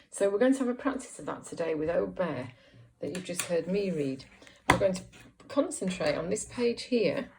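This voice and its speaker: Woman, primary teacher type, low-ish voice, slow clear encouraging delivery for small kids. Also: mellow, poor audio. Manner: slow, clear and encouraging, with many questions to the listener. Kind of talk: reading lesson for young children.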